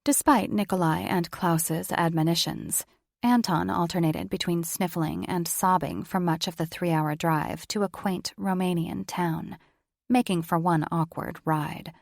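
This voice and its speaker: A woman narrates a romance audiobook in a low, gravelly voice. Her delivery is measured and steady. The studio sound is dry and close, with no room around her. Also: dry recording. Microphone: studio microphone.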